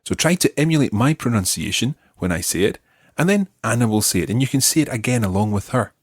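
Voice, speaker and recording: A man hosting an audio language lesson, explaining patiently and modeling words slowly for listeners to repeat. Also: medium pitch, lively intonation, slightly rough, no echo. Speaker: language teacher and host.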